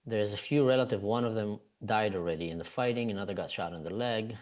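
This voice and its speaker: A man's voice: fairly low pitch, fast talker, a little mellow. A man from Israel, a podcast guest, earnestly recounting events with frequent "you know" fillers.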